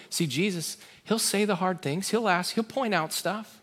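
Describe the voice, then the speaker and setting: A male pastor delivers a sermon in an earnest, conversational way. His voice sits a little high and sounds bright and forceful, and he swings from raised emphatic lines to quiet, hushed ones. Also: normal speed, hardly any pauses. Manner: earnest, shifts between raised emphasis and soft hushed tones.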